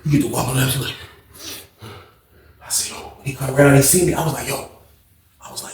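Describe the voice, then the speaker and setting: A man telling a casual storytime, slangy and animated, acting out the people in it with a gravelly voice. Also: medium pitch, brisk, pauses often, reverberant.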